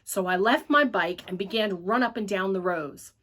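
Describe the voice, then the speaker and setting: A woman reading a children's story aloud at church with an expressive, animated delivery. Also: medium pitch, normal speed.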